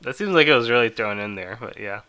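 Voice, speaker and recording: A man co-hosting a podcast, chatting casually with short, low-key replies. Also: animated, quick pace, sharp tone, clean tone, no echo, muffled recording. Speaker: podcast co-host. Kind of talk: casual chat.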